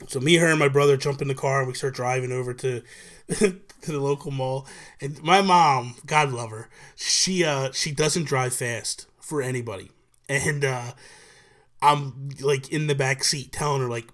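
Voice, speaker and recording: Male podcast guest in a relaxed chat, telling a story with plenty of fillers and voicing each person he quotes. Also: mid-range voice, brisk. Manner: animated storyteller acting out quotes, many fillers. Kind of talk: casual storytelling.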